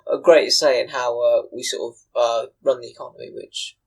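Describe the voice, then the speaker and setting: A young man from the UK co-hosts a casual friends' podcast, his medium-pitched, gravelly voice steady in tone and brisk in pace. Chatty but hesitant, he fills long explanations with ums and uhs, over poor audio.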